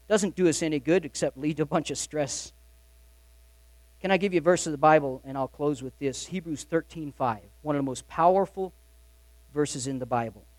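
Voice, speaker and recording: A man preaching a sermon as pastor, emphatic, swinging between loud urgent lines and quiet confiding ones. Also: on the high side, normal speed, no room sound.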